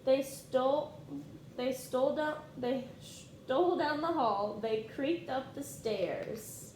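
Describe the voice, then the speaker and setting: A woman teacher reading a picture book aloud to her class in a slow, clear storytime delivery. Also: high-pitched, a little mellow, echoey room, a little hiss or hum.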